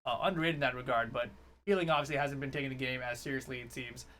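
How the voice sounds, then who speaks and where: A man commentating a fighting game tournament on a live stream, talking fast in a rambling, jokey way and chatting to viewers. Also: medium pitch, bright, forceful tone. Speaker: esports commentator.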